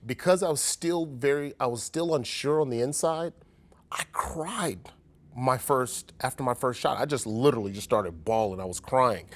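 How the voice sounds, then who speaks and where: A man's voice: medium pitch, moderate pace. A man from South Central Los Angeles in a candid conversation, telling a personal story in an earnest, reflective way and often restarting his sentences. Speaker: former pro athlete in conversation.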